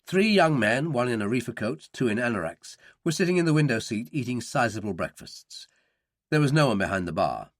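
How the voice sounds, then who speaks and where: An audiobook narrator reads a scripted thriller at a fairly quick clip, taking on each character's voice with lively shifts in pitch. The recording is clean studio sound with no room echo.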